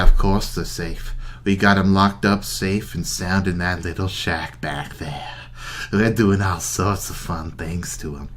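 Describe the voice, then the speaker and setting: A man's voice: low-pitched, a bit bright, a little hiss or hum. A man putting on a Kentucky-drawling bandit boss. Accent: put-on Kentucky. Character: brutish male bandit leader, menacing.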